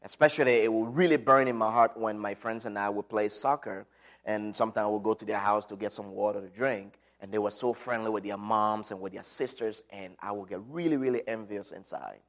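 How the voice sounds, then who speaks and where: A middle-aged man giving an inspirational talk, telling a personal story with dramatic swings from loud to quiet. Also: on the low side, a little fast. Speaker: speaker.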